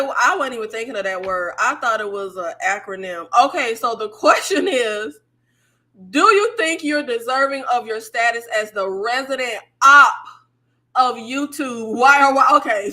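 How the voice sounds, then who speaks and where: A woman hosting a casual chat with her viewers, telling stories in an animated way, laughing and swearing freely. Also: fairly high pitch, moderate pace. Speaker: YouTube host.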